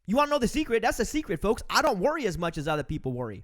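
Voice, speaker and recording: A man from Romania hosts his own podcast, delivering an emphatic, preachy motivational monologue and calling his listeners folks. His voice sits high for a man, and his pitch leaps and dips with every point he hammers home. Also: very animated, racing, a bit bright. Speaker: podcast host.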